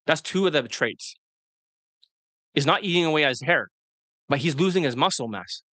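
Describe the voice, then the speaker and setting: A man's voice: fairly high pitch, lively intonation, normal speed, sharp tone, no room sound. A man coaching students on dating in casual livestream talk, blunt and rambling, with frequent swearing.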